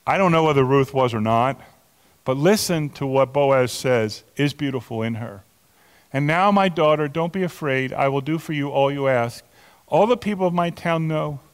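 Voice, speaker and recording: A man in his sixties, a pastor preaching a sermon, animated and chatty, telling stories with many restarts and asides. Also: medium pitch, moderate pace, long reverb tail. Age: 60s.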